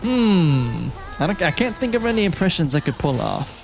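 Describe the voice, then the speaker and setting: His voice a little high and creaky, the Malaysian man streams a game at a normal speed. He keeps things relaxed and chatty, responding to what viewers write in chat, with soft game music in the background.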